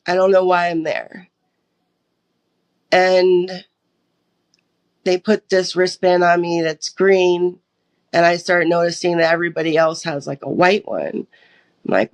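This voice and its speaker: A young woman from the United States sharing a personal testimony as an interview guest, acting out her own past dialogue as she tells it. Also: lowish voice. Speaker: podcast guest.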